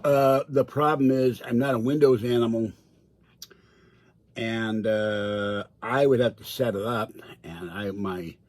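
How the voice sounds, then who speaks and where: A man's voice: mid-range voice, slow. A man chatting casually on a livestream from his home, rambling from one story to the next and laughing often. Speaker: livestream host. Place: indoors at home.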